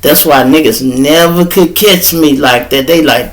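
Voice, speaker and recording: A man with a Chicago accent hosting a podcast, telling stories in an animated, profane way and acting out what others said. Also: a little high, measured pace. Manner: animated, profane, acts out quoted voices. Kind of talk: storytelling.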